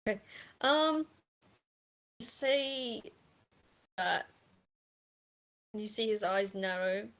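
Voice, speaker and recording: A woman narrating a tabletop game as game master, in a hesitant manner with many pauses and ums. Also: fairly high pitch, a bit bright.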